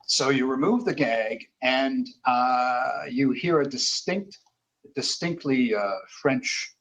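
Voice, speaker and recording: A man narrating as game master for a horror tabletop game, halting with fillers. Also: mid-range voice, rough recording. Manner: halting, many fillers, lively.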